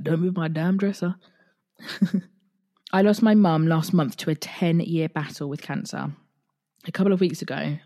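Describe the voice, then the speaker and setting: Chatty woman podcaster. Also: low-pitched. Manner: chatty, laughing, animated retelling. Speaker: podcast host. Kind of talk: casual podcast chat reading listener stories.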